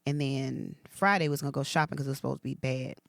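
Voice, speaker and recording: A woman co-hosting a podcast, telling a heartfelt personal story in a soft, emotional, conversational way. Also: very deep voice, steady tone, fast, vocal fry, no room sound, studio quality. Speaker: podcast co-host, hairstylist. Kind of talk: casual chat.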